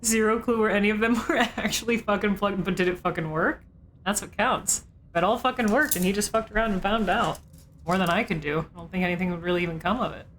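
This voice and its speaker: A woman's voice: medium pitch, fast, a bit bright, slight background noise. A woman streaming a game in casual commentary, chatty with frequent swearing and laughing asides. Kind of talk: casual let's play commentary.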